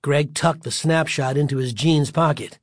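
A man narrating a children's storybook in a steady, expressive reading style. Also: fairly high pitch, normal speed, no room sound, clean studio sound.

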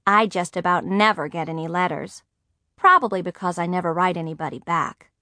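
A woman narrating a first-person audiobook with a lively, expressive delivery. Her pitch moves freely, rising and falling with the story. She is recorded close and dry, with no room sound. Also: a little fast, no echo.

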